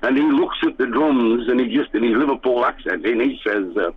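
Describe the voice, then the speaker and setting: An older man from England tells stories of his old band days, rambling and circling back with fillers and restarts. His voice is a little husky, and it comes through a thin, tinny phone-like radio line. The sound is dry, with no room around it. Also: medium pitch, brisk, hardly any pauses, dry recording. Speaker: guest musician. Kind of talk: reminiscing radio interview.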